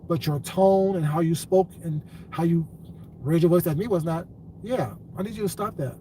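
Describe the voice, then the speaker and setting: A man's voice: a little high, normal speed, warm tone. A man live-streaming, lecturing his chat about how to talk to people, blunt and repetitive. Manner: lecturing, then cursing angrily. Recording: distant mic, faint ambient noise.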